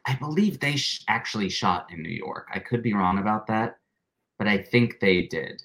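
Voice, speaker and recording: Chatty young male actor guest, low-pitched, laughing and restarting often. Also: normal speed, gravelly, fairly bright tone. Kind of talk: casual interview chat.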